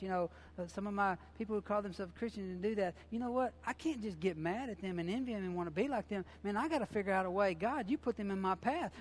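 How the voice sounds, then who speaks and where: A male pastor preaches with passion in a conversational style, repeating phrases and using folksy, informal grammar. His voice sits high.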